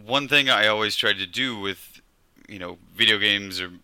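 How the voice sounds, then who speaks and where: Man, low voice, sharp bright tone, dry close sound, rambling reflective podcast chat. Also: moderate pace, clean tone, no room sound. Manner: rambling, reflective, many restarts. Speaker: podcast co-host. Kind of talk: casual chat.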